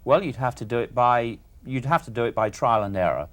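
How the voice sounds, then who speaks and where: A man, a teacher, putting questions in an interview, measured, careful and a little hesitant. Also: mid-range voice, animated.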